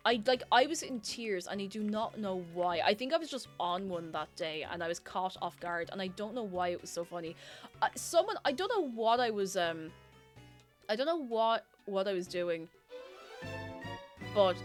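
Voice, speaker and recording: Rambling, giggly woman livestreamer. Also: medium pitch. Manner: rambling, giggly and self-mocking. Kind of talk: casual chat reading viewer messages.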